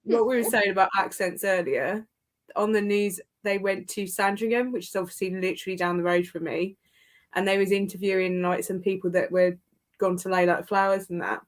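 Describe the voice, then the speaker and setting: A woman's voice: mid-range voice, steady tone. A woman, chatting casually and laughing often. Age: 30s. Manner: giggly, chatty, quick to laugh. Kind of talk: casual chat.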